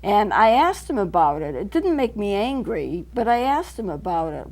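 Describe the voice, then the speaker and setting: A woman's voice: mid-range voice, big pitch swings, normal speed, darkish tone. Earnest woman counselor explaining step by step. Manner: earnest, explanatory, repeats points. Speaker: counselor hosting a local TV show. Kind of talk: teaching talk to camera. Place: local TV studio.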